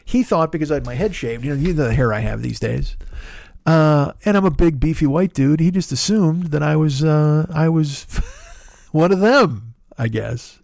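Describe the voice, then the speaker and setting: A man's voice: a little high, lively intonation, normal speed, gravelly, a little mellow, dry recording. A middle-aged male comedian hosting his own show, telling a rambling, profane, self-deprecating story in a casual monologue. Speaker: comedian and podcast host.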